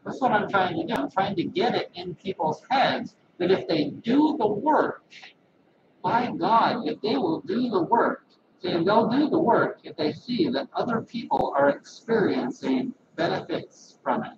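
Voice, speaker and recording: A man's voice: very high-pitched, unhurried, creaky. A man who works as a massage therapist, talking casually and rambling to his webcam at home. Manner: rambling, animated, folksy asides. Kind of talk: casual vlog talk to camera. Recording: echoey lo-fi webcam audio from a distance with loud background noise.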